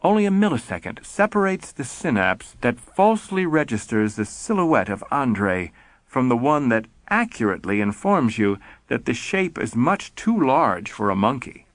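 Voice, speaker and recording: A man reading an audiobook in a measured, wry storytelling manner. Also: medium pitch, very animated, no echo. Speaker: audiobook narrator. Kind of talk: scripted narration.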